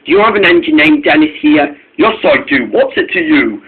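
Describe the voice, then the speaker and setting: Casting: a stubborn talking diesel engine, a man raising his voice for it, husky, tinny phone sound. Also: high voice, wildly swooping pitch, normal speed, voice pushed up, heavily acted. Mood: insistent. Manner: polite then insistent, raised voice.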